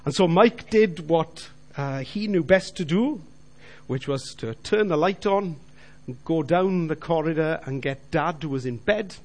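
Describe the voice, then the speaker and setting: Middle-aged man, slightly high voice, earnest testimony speaker addressing the congregation directly. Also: expressive, a little slow, a little mellow. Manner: earnest storytelling, direct appeals to listeners. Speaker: Christian businessman giving testimony. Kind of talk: personal faith testimony.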